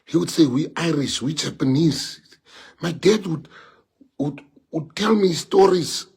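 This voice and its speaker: A native Afrikaans speaker from South Africa gives an impassioned live stream monologue, firing off rhetorical questions. His voice is on the high side, gravelly and slightly rough, with a measured pace, and it swings between quiet and loud.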